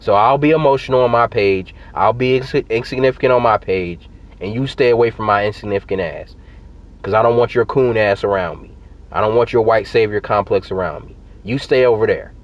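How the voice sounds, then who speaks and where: A man with a fairly low voice delivers angry, emphatic political commentary straight to his viewers. He hammers his points through repetition. The recording is dull and lo-fi. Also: fairly quick. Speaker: political vlogger. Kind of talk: angry direct-to-camera commentary.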